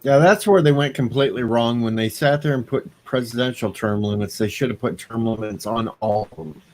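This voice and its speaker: A man's voice: medium pitch, fairly quick, a little mellow, low-quality recording. A man in casual chat, matter-of-fact and cautioning.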